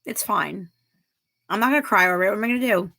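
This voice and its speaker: A woman's voice: medium pitch, fast, pushed and bright. A woman in her thirties hosting a casual livestream, reading viewer comments aloud and chatting, giggling often. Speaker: livestream host.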